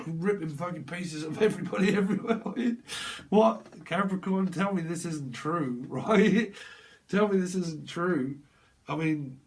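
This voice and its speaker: A young man giving a tarot reading, acting out scenes in lively voices and swearing often. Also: on the high side, gravelly. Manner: animated, acts out scenes with put-on voices, swears a lot. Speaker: tarot reader.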